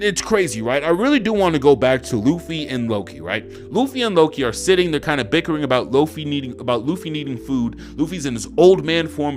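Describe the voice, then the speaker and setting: Young man, slangy manga review, animated pitch, faint music behind. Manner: rambling, profane, slangy, many fillers. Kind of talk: casual chapter review.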